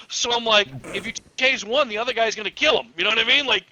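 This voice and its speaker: A man's voice: very high voice, moderate pace, a little hiss or hum, poor audio. A police officer telling stories in casual chat, swearing freely, laughing mid-story and acting out the people he quotes. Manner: animated, acts out quotes. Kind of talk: casual storytelling while gaming.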